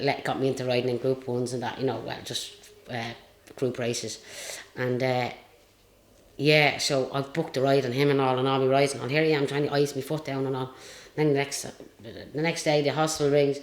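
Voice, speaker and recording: A woman's voice: extremely low pitch, little pitch movement, a little fast. An Irish woman and retired jockey telling stories in a casual interview, rambling and chatty with lots of fillers. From Ireland. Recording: roomy echo.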